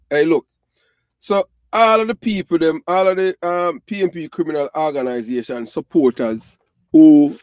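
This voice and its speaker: A middle-aged Jamaican man with a fairly high voice hosts his channel in a dry recording. He talks to viewers casually and animatedly, repeating himself and blending Patois into his speech with plenty of fillers.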